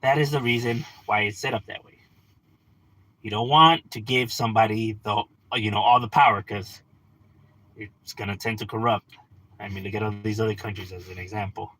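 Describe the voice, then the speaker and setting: A man's voice: on the low side, steady tone, normal speed, sharp tone, husky, rough recording. A young adult man ranting bluntly and profanely on a livestream, tossing out rhetorical questions. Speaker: livestream host.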